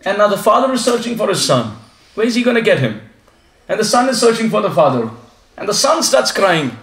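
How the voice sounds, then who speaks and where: High, lively male preacher in an echoey room. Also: fairly quick. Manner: lively storytelling, acts out passers-by. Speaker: visiting preacher. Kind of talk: devotional class with a story. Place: living room of a home gathering.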